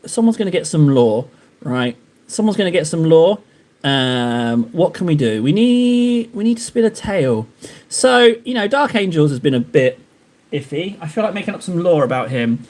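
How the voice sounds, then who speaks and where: A man's voice: high voice, sing-song, moderate pace, a little mellow. A man hosting a live stream, rambling through a comic made-up story and laughing often.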